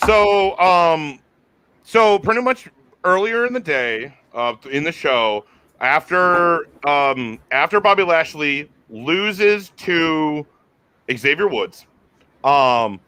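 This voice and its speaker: A man hosting a casual wrestling review chat, excitable and rambling, often restarting his sentences. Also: on the high side, takes it slowly, a little hiss or hum.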